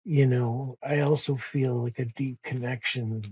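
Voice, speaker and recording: Soft-spoken guy talking real slow, mellow husky voice, dry close sound. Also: mid-range voice, fairly even intonation, dry recording, highs cut off. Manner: slow, soft-spoken, with many pauses and restarts. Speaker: podcast guest. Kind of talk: reflective conversation.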